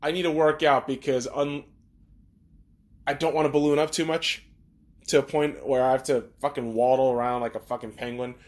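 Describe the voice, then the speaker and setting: A man hosting a podcast, talking in a blunt, profane, ranting monologue. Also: medium pitch. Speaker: podcast host.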